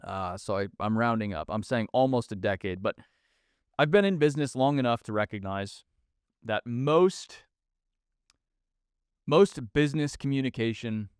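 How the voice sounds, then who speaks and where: A man's voice: mid-range voice, no echo, studio quality. A man, hosting a solo podcast in a blunt, sarcastic way that mocks corporate speak. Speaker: podcast host.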